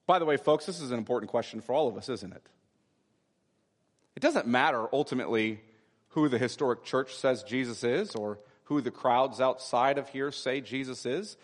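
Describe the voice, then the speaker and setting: A man's voice: mid-range voice, lively intonation, a little fast. A man preaching a sermon, explaining scripture with emphatic repetition. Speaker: pastor. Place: church sanctuary. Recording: long hall reverb.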